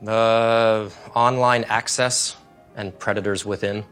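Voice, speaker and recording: A man answering rapid-fire interview questions, with playful, quick quips. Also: fairly low pitch, level tone, a bit bright, soft background music. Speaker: interview guest.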